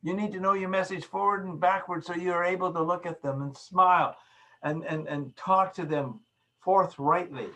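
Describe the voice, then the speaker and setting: A man's voice: sits high, steady tone, moderate pace, fairly bright tone, slight background noise. A man lecturing in a recorded video session, emphatic, repeating his key phrases and acting out small examples. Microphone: video call.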